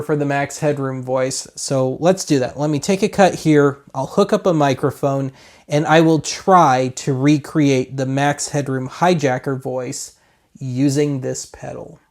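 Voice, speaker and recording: A man's voice: fairly high pitch, a little slow, a little mellow. A man hosting a casual gear demo, explaining things in a rambling, self-deprecating way into a dynamic mic on a stand. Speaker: host.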